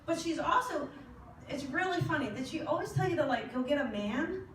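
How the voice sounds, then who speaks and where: Brisk and animated, a high-pitched woman works as a medium at a spiritual service, laughing often and asking questions during a chatty live reading. The recording is distant and echoey in the hall, with a bit of hiss or hum.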